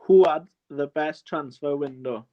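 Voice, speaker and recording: A man's voice: fairly high pitch, unhurried. A man, a guest on a casual podcast, laid-back and matter-of-fact. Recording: dull lo-fi sound.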